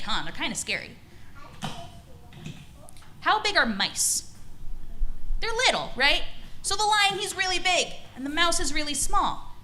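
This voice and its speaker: A woman leading children's story time in a church service, gentle, encouraging and animated as she guides the kids. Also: fairly high pitch, a little hiss or hum, low-quality recording. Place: church sanctuary.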